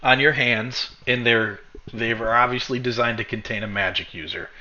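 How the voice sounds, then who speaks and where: A man's voice: medium pitch, fairly even intonation, normal speed, pushed and bright. A man running a tabletop game as game master, narrating in a rambling way and correcting himself as he goes. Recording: dull lo-fi recording.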